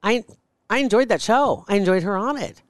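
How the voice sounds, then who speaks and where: Woman co-host, mid-pitched, gossipy and giggly, dry close mic. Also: a little fast, no echo. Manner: gossipy, laughs while telling stories. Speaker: podcast co-host. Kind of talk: casual chat.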